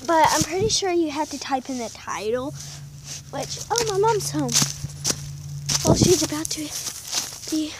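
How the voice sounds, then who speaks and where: High-voiced girl vlogging in the snow on her phone, slow and gushy, lots of noise around. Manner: excited, chatty, lots of "y'all" and "like". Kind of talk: casual outdoor vlog. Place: outdoors in falling snow. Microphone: handheld phone camera. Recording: noisy outdoor phone recording.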